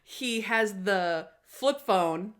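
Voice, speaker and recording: A woman's voice: medium pitch, drawn-out words. A woman co-hosting a podcast, chatting casually about a TV episode and acting out the characters' lines as she retells scenes. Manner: lively retelling that acts out quoted lines. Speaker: podcast co-host. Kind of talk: casual chat recapping a TV episode.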